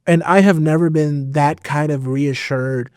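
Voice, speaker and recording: A man guest on a podcast, telling a personal story in a casual, animated way with lots of fillers. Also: a little high, unhurried, no room sound. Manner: animated, expressive, full of fillers. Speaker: podcast guest, metal vocalist.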